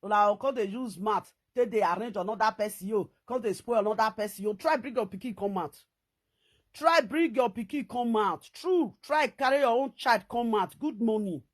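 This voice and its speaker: A middle-aged woman with a Nigerian Pidgin accent, ranting to camera in a scolding, repetitive, animated way as a vlogger. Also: on the high side, normal speed.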